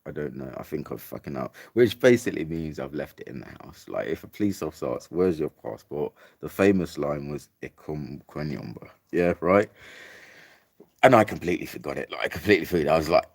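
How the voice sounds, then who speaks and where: A man's voice: a bass voice, expressive, fairly quick, gravelly, darkish tone, dry recording. A young English man casually telling a rambling, sweary story about a trip, full of "like" and "mate". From England. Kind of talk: casual anecdote.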